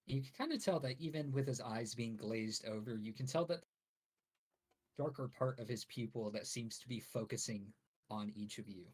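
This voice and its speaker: A man running a tabletop game as game master, narrating in a laid-back, halting way. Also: medium pitch, expressive, darkish tone, husky.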